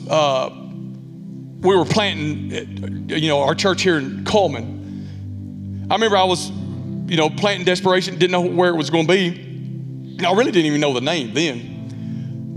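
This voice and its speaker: A man in his thirties with a Southern Alabama accent, preaching a folksy, candid sermon with lots of asides. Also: sits high. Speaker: pastor. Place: church sanctuary. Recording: long church reverb with music.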